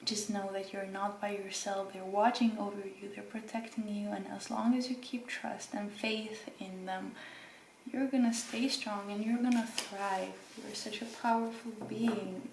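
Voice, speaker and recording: A woman hosting a pick-a-card tarot reading, speaking gently and reassuringly to the viewer with emotion. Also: medium pitch, fairly even intonation, a little slow, echoey room, a little hiss or hum, low-quality recording. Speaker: tarot reader.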